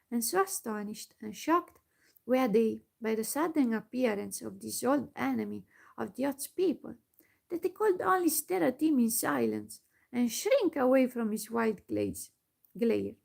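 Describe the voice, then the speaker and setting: A woman reading a storybook aloud in soft whispered storytelling, unhurried and sometimes stumbling on words. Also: on the high side, vocal fry. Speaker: ASMR storyteller.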